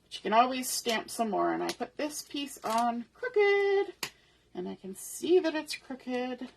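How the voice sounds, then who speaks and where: A woman's voice: high voice, lively intonation, unhurried, creaky, a little hiss or hum. A middle-aged woman hosting a papercraft tutorial, talking through each step aloud in a chatty way at her craft table. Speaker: papercraft host.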